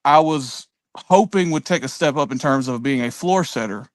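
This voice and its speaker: A man co-hosts a sports talk show and goes through his points one by one in a measured tone. His pitch is ordinary for a man. The recording is dry and close. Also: lively intonation, no room sound. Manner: measured, listing points plainly. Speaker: co-host. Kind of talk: casual sports analysis.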